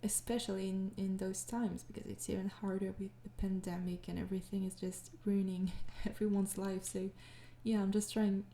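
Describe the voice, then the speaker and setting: Tired young woman, mellow soft voice, hesitant casual Q&A chat, roomy echo. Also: mid-range voice, flat delivery. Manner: soft-spoken and hesitant, with many pauses and shy laughs. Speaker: ASMR creator answering viewer questions.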